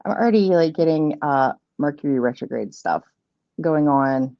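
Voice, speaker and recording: A woman's voice: low-pitched, expressive, normal speed, no echo. A woman in her thirties or forties hosting a live tarot stream from home, chatting casually and laughing often. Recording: dull lo-fi stream audio.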